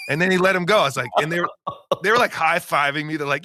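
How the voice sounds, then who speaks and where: A man guest on a podcast, casually telling animated stories and acting out the people in them. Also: on the high side, racing. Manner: animated storyteller who acts out quoted people. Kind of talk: casual storytelling.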